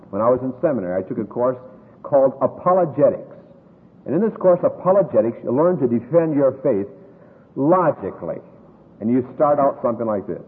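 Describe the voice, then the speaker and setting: An American man preaching a sermon, emphatic and drawing out scripture quotes slowly. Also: mid-range voice, expressive. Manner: emphatic, drawn-out quoting of scripture. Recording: echoey hall over a tinny phone-like line.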